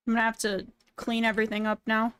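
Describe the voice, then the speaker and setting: A woman's voice: a little high, flat delivery, fast, fairly bright tone, clean tone, dry recording, clean studio sound. A young woman streaming while she draws, chatting casually in a goofy, joking way. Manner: goofy, playful, jokey. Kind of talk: casual chat while drawing.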